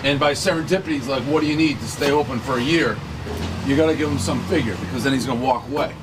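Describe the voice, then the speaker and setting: A man in a played clip, talking briskly and bluntly to a shop owner. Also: medium pitch, noisy background. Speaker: visiting businessman giving money. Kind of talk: casual talk in a played clip. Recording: clip with loud music behind.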